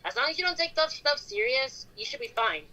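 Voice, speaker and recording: A woman's voice: high voice, animated, brisk, bright, forceful tone, dull audio, a little hiss or hum. A woman in casual, joking chat with friends while playing an online game. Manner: joking, playful, slangy. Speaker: Roblox player.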